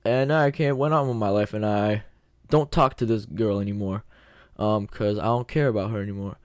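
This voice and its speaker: A man's voice: fairly low pitch, steady tone, normal speed, dry recording, studio quality. A young man vlogging a casual story time, telling it in a loose, slangy way with lots of quoted back-and-forth.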